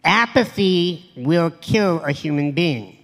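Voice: medium pitch, expressive, slow, fairly bright tone, in a large hall. A motivational speaker giving a live stage talk to an audience, blunt and profane, emphatic, acting out quoted voices.

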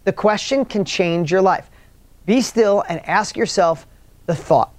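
A man's voice: high-pitched, moderate pace, no room sound. A middle-aged man giving a motivational talk, earnest and rambling, often restarting his sentences. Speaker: motivational speaker.

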